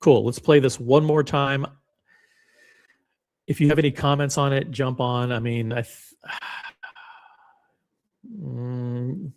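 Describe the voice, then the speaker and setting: A man hosting a live commentary show, talking at an ordinary mid-range pitch. His delivery is dry and sarcastic, full of wry asides as he greets viewers in the chat. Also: slow pace, gravelly, long pauses, a little mellow. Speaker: livestream commentary host.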